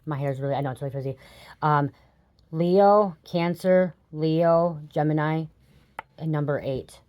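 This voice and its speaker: With the highs cut off in the recording, a woman reads tarot casually at a measured pace, her voice low-pitched. She addresses her viewers in a chatty way and swears a lot when surprised.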